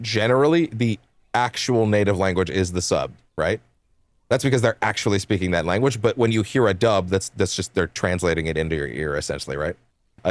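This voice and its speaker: A young adult man streaming games, chatting casually in a rambling, animated way, laughing often and swearing freely. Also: on the low side, no room sound. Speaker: game streamer. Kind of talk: casual chat while livestreaming.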